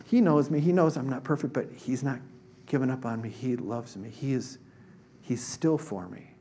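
A man's voice: medium pitch, normal speed, warm tone, a little hiss or hum. A man preaching a sermon, telling a personal story in a conversational way with many fillers and restarts. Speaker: pastor.

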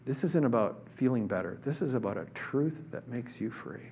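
A man's voice: medium pitch, lively intonation, moderate pace, darkish tone, slight background noise. A man preaching a sermon, telling a personal story in a conversational way with many fillers and restarts. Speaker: pastor.

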